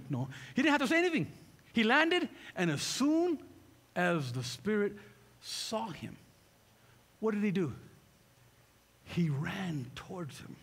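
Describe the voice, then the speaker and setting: Man, pastor, high voice, fervent sermon, long hall echo, faint background hiss. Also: sing-song, slow, pauses often, a bit bright, husky. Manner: fervent, repeats rhetorical questions.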